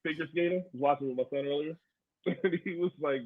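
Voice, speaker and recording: A man's voice: on the high side, fast talker, phone-quality sound. A young adult man co-hosting a podcast, telling profane stories with lots of laughter and acted-out quotes. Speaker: podcast co-host. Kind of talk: casual chat.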